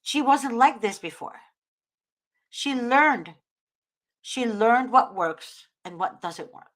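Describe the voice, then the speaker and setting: A woman's voice: fairly high pitch, animated, slow pace, a bit bright. A woman hosting a talk show, giving earnest, preachy advice and repeating her points. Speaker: host.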